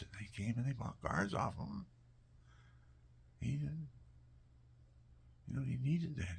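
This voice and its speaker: A man telling personal stories in a casual, animated way, often dropping to a near whisper. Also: medium pitch, creaky, breathy edge. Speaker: storyteller.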